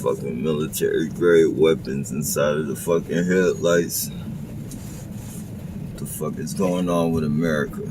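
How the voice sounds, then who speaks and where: Very deep voiced guy ranting profanely on a car livestream, lots of car noise. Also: fairly even intonation, unhurried. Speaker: live streamer. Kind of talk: ranting live stream from a car.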